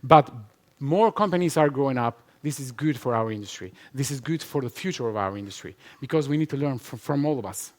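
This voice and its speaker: A man speaks at a live conference, hammering points with repetition. His voice sits in a middle pitch, and he laughs easily as he answers questions. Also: animated, fairly quick, hardly any pauses. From Albania. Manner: emphatic, repetitive, laughs often. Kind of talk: conference talk and Q&A. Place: conference hall with live audience.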